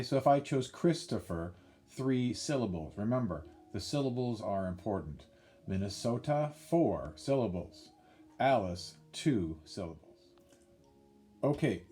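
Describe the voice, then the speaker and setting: A man's voice: medium pitch, mellow. A man teaching a classroom lesson, patiently repeating points and counting things out step by step.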